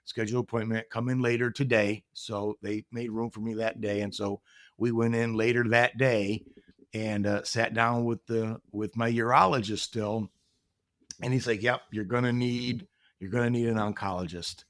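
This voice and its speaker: A man's voice: lowish voice, level tone, moderate pace, fairly bright tone, no echo. Earnest middle-aged man, dry close sound. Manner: earnest, reflective, acts out quoted dialogue. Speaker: podcast guest. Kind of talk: candid personal storytelling.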